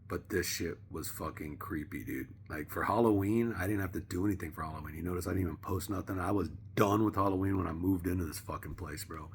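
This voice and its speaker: A man vlogging in a casual, rambling monologue, profane and slangy, sometimes dropping to a hush. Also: sits low, quick pace, few pauses, slightly rough.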